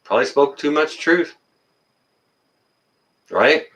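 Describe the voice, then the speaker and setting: A man chatting casually on a livestream, his voice swinging up and down as he rants and then calms to apologize. His tone is bright and sharp. He sits a little back from the microphone. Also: fairly high pitch, slow pace, recorded from a distance. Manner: ranting, gets worked up then apologizes. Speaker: livestream host reading viewer comments.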